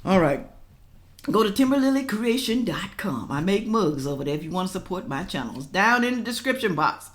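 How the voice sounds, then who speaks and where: A woman's voice: medium pitch, sing-song, a little fast. An older woman giving blunt, chatty commentary to her viewers, calling them y'all. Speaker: reaction vlogger.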